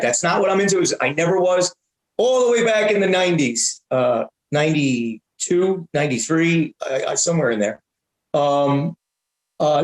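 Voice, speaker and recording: Man talking haltingly in a roomy echo. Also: a little high. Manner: halting, many restarts, blunt and profane. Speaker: interview guest, prank-call comedian. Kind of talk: casual interview chat.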